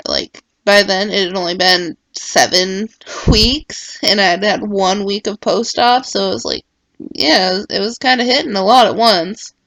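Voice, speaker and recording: A woman's voice: medium pitch, creaky, fairly bright tone, no room sound. A young woman talking casually in a personal vlog, rambling and full of filler words. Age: young adult. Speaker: vlogger.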